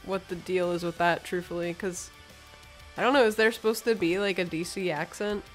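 A woman's voice: lowish voice, normal speed, faint music behind. Chatty woman co-hosting a podcast. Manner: chatty, teasing, hesitant with fillers. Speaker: podcast co-host. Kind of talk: casual chat.

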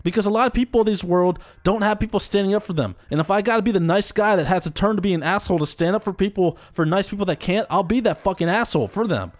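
Guy talking super fast, swears a lot, animated casual chat. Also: high voice. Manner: animated, profane storytelling.

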